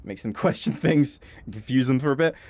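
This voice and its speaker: A man's voice: brisk, gravelly. A young man chatting casually and swearing freely while streaming a game. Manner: chatty, swears casually, animated jumps in pitch. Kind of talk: casual gaming stream chat.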